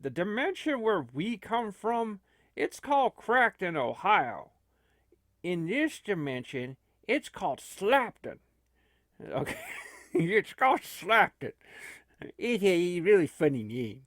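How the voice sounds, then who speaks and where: A man's voice: sits high, big pitch swings, slow pace, fairly bright tone, dry recording, studio quality, exaggerated voice. Man playing a rambling, stammering old man. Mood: explaining. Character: frantic old man fleeing strange dimension. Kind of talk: amateur comedy movie acting.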